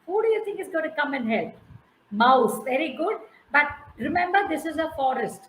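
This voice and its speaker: A woman's voice: sits high, expressive, moderate pace, roomy sound, a little hiss or hum, poor audio. A woman with an Indian English accent telling a story to a class, coaxing answers and praising listeners by name. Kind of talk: interactive storytelling with questions to listeners.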